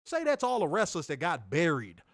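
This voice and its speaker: A man with a high, very animated voice rants through a casual review, emphatic and mocking, with frequent swearing. His pitch swings widely as he drives his points home. The recording is dry and close. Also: fairly quick, dry recording. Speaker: podcast host reviewing wrestling.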